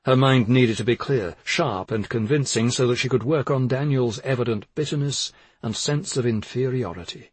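A male narrator reads a thriller audiobook in a measured, even way. His voice is husky and breathy. The sound is dry and close, with no room at all. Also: mid-range voice, no room sound. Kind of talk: scripted narration.

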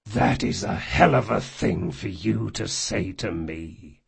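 A man voicing a big, loyal male thief, swinging between raw shouts and hushed, gentle speech. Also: mid-range voice, moderate pace, husky. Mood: cold.

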